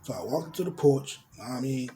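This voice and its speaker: A man's voice: mid-range voice, lively intonation, normal speed, dark tone, slight background noise. A man telling a crude personal story in casual slang, dropping in spoken sound effects. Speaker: storyteller vlogger.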